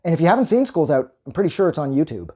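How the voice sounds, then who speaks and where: A man with a mellow, darker tone rambles through a casual film review. He gets excitable, swears freely and keeps wandering off on tangents while he talks. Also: fairly high pitch, racing.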